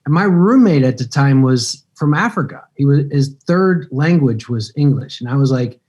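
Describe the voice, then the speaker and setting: A man in his fifties, an actor being interviewed, telling stories in a relaxed, rambling way. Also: mid-range voice, moderate pace, few pauses, breathy edge. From United States. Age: 50s. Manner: relaxed, rambling, acts out quoted dialogue. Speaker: guest actor. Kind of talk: casual interview storytelling.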